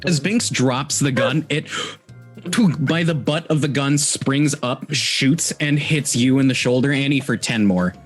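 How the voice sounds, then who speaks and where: A man narrating as game master of a tabletop game, unhurried and laughing at his players' bad luck. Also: mid-range voice, soft background music.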